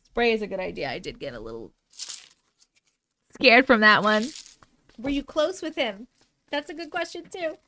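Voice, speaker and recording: This woman's voice is on the high side, bright and forceful, with big pitch swings, a moderate pace and long pauses. Hosting a livestream, she chats casually with viewers, reads their stories aloud and reacts with sudden startled interjections.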